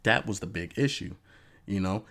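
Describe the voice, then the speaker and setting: A man hosting a podcast, talking through his take in a casual, animated monologue with lots of "you know" asides. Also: normal speed. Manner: animated, acts out fans' voices in a raised pitch. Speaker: podcast host.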